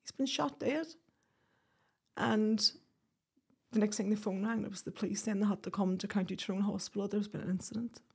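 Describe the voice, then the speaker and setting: A woman telling a painful personal story as a podcast guest, halting and restarting, acting out what people said. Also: mid-range voice, flat delivery, gravelly, a little mellow, breathy edge. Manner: halting, with restarts and quoted speech. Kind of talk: emotional personal account.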